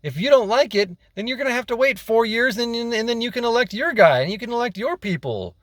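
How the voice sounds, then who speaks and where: A man's voice: very high-pitched, animated, fast, a bit bright, dry recording, studio quality. A young man ranting casually to camera as a vlogger, exasperated and rambling, repeating himself and swearing.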